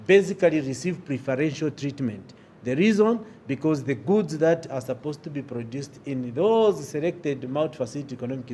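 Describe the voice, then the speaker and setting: Deliberate, emphatic Zambian man with dark voice. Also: on the high side, a little hiss or hum. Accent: Zambian English. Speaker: opposition member of parliament. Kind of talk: press briefing statement. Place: press briefing room.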